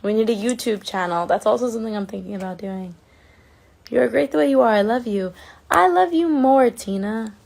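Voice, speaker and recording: A woman's voice: medium pitch, fairly quick, creaky, darkish tone. A woman chatting casually on a phone livestream, reading and answering fan comments in an affectionate way and swearing now and then.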